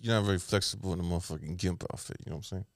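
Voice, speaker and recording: A man on a comedy podcast telling a family story in rough, profane language, jumping between voices as he acts out relatives. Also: low voice, very fast, no room sound, clean studio sound. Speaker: podcast host. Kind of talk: casual comedy podcast chat.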